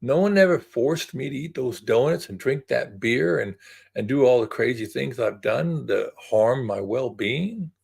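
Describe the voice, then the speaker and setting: A man's voice: mid-range voice, animated, unhurried, vocal fry, breathy edge. A man in his early sixties talking to camera in a casual, rambling, reflective way, often repeating words. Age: 60s. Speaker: vlogger.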